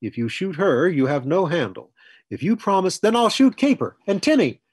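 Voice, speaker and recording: A man voicing Fletcher, a calm, firm older mentor who talks in a measured, persuasive way. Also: sits high, husky, no echo, pitched above the performer's own voice, exaggerated voice. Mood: earnest.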